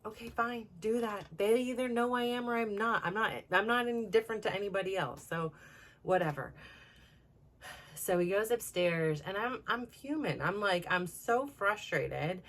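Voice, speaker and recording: A woman's voice: mid-range voice, moderate pace, a bit bright. A middle-aged woman hosting a self-improvement show, telling a personal story in a rambling, casual way full of "like" and "you know" and restarts. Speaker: self-improvement podcast host.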